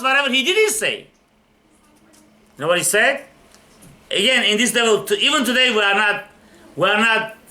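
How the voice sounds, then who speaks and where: A man's voice: high voice, pushed and bright. A man, a rabbi giving a Torah lecture, telling stories and asking his listeners rhetorical questions.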